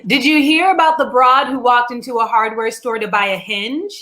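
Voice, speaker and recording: A woman guest telling dirty one-liner jokes with crisp delivery. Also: on the high side, moderate pace, sharp tone.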